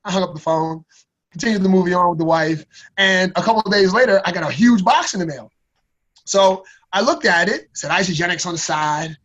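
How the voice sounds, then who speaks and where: A man's voice: high voice, a little fast, a bit bright, muffled recording. A man in his thirties, a podcast guest, telling a personal story in a casual, slangy way, often repeating his words as he goes.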